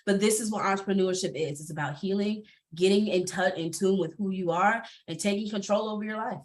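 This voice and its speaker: Woman panelist, lively and emphatic, laughs a lot, video call sound. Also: mid-range voice, brisk. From Atlanta area. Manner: animated, laughing, emphatic repetition. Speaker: panelist, entrepreneur and former teacher. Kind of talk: candid panel talk.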